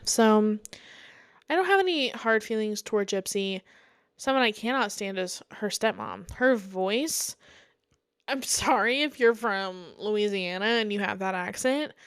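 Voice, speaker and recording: Young woman, solo podcast host, chatty and rambling, smooth voice a little higher than usual, close and dry mic. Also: dry recording. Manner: rambling, frequent "like" and "um", candid opinions. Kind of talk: casual solo chat about reality TV.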